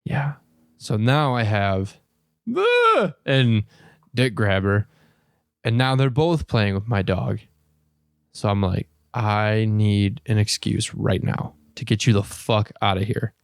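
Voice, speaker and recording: A man's voice: on the low side, slow pace, vocal fry, dry recording, clean studio sound. A man co-hosting a podcast, telling a long crude story casually and laughing often. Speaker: podcast co-host.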